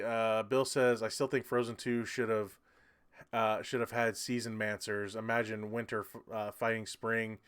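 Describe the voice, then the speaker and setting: Guy rambling on a livestream, lowish smooth voice, laughs a lot, lots of ums. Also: fairly bright tone. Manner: rambling, reads viewer comments aloud, laughs often. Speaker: livestream host. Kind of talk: casual livestream chat.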